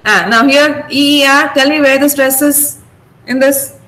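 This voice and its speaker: A woman's voice: high voice, steady tone, measured pace, bright, forceful tone, low-quality recording. A woman with an Indian English accent teaching an online vocabulary class, patiently drilling word stress. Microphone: video call.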